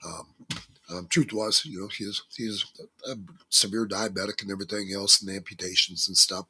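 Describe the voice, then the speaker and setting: A man's voice: lowish voice, steady tone, brisk, pushed and bright, breathy edge. A man talking as a guest on a talk show, telling stories in a folksy, emphatic way with religious turns of phrase. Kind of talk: casual talk-show interview.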